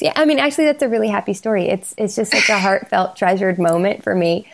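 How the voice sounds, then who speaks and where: A woman's voice: mid-range voice, fast, vocal fry. A woman co-hosting a podcast in casual conversation, talking in a heartfelt, rambling way with fillers and restarts. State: tearful, crying at times. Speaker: podcast co-host.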